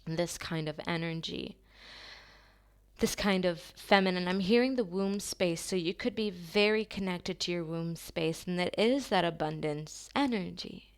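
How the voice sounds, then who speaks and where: A woman giving a channeled tarot reading to her viewers, talking softly and slowly in an affirming way, with long pauses. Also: fairly low pitch, smooth. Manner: soft, slow and affirming, with drawn-out pauses.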